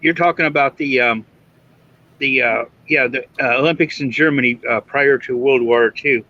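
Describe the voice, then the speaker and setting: A man telling a story in casual chat, animated and mimicking other people's lines. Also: medium pitch, moderate pace, slight background noise. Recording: muffled lo-fi stream audio.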